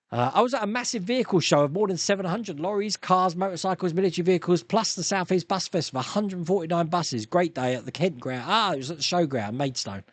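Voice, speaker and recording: A man's voice: sits high, brisk, no room sound. A man hosting a live stream, chatting casually and rambling through viewer comments with frequent laughs and restarts.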